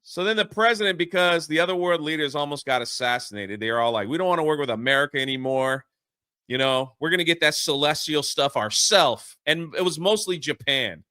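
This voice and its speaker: Bright-voiced man recapping a movie. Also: on the high side, expressive, brisk, clean tone, no echo, clean studio sound. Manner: rambling plot recap with many fillers. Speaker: podcast host. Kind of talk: casual spoiler movie review.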